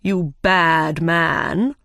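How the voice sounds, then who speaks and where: A woman voicing a stern, impatient king who presides over a trial, speaking slowly and with command. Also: deep voice, steady tone, gravelly, pushed and bright, no echo, studio quality, exaggerated voice. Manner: slow, commanding and threatening.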